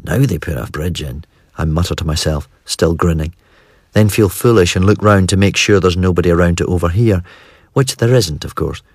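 Audiobook reader, man, very deep voice, dry close sound, wry and measured. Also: darkish tone, dry recording. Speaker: audiobook narrator. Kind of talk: first-person audiobook narration.

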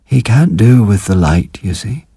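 A man voicing a creepy old man in a spoken horror story, who talks slowly and quietly in a hushed, half-whispered way. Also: fairly low pitch, animated, breathy edge, dry recording, clean studio sound, full character voice. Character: creepy old man, hissing, insistent father.

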